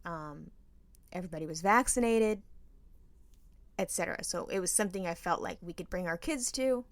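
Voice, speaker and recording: In a lowish voice at normal speed, a podcast co-host relates a story during a casual conversation, bringing it to life by performing the voices of those she quotes. The recording has no echo.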